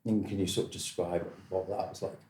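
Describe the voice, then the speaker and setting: Low-voiced host. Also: male voice, flat delivery, a little fast, mellow, reverberant, a little hiss or hum. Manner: encouraging, frequent "mm-hmm" and "aye". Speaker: podcast host. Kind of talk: casual interview.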